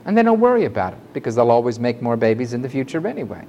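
A man preaching a fiery sermon to a congregation, swinging from loud outbursts to low, quiet asides. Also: big pitch swings, racing, muffled recording, slight background noise. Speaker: pastor.

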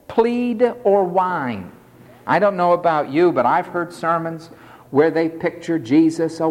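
A man preaching a sermon with slow, deliberate phrasing and a pitch that rises and falls widely. His delivery is emphatic and dramatic. His voice rings out with a long hall reverb. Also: darkish tone. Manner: emphatic, dramatic, mimics pleading tones.

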